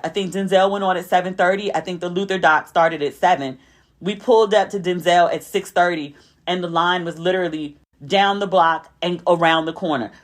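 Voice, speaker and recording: A young adult woman hosting a podcast, telling stories in a casual chat and raising her voice to act out what people said. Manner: chatty storytelling, acting out quotes with a raised pitch. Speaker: podcast host.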